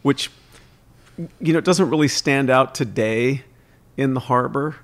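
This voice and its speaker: A man's voice: medium pitch, measured pace. A man hosting a casual interview. He fills in background facts for the listener, then turns back to the guest with a follow-up question. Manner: explanatory, adds background facts.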